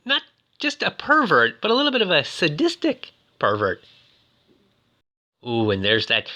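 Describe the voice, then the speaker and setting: A man's voice: mid-range voice, pushed and bright. A man giving a rambling, jokey, casual recap of a film as its host.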